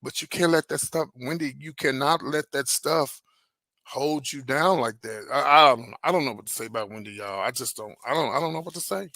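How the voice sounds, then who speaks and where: A man's voice: mid-range voice, a little fast, vocal fry, pushed and bright, dry recording, clean studio sound. A man hosting an entertainment gossip show, chatting casually and animatedly with viewers, calling them baby and child. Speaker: host of a celebrity gossip channel.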